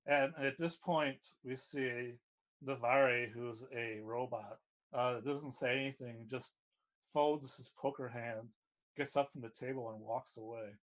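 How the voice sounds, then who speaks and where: Slow-paced game master narrating. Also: male voice, medium pitch, steady tone. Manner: unhurried descriptive narration with fillers.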